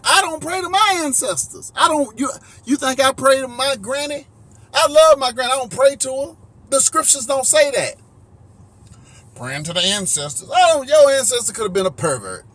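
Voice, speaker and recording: A man's voice: extremely high pitch, fairly bright tone, breathy edge. A middle-aged man giving a heated, preachy opinion monologue, swearing and restarting as he makes his points. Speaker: commentary vlogger.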